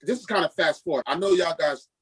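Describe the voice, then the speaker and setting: This middle-aged pastor from Queens, New York, guests on a podcast and shares a personal testimony, slipping into the voices of the people involved. His voice is a little high and husky, he talks fast, and the recording is rough. He's a lively storyteller who acts out every quoted line.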